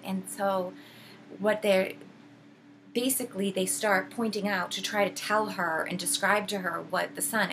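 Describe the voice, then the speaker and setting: A woman's voice: lowish voice, gravelly, a bit bright, slight background noise, rough recording. Rambling woman retelling a story. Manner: rambling, many fillers and restarts. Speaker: video host. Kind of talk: casual retelling of a book plot.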